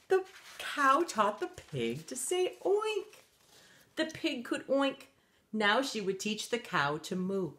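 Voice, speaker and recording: A woman reading a picture book aloud to children, animated and stopping to ask her young listeners questions. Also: a little high, slow pace. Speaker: children's story reader.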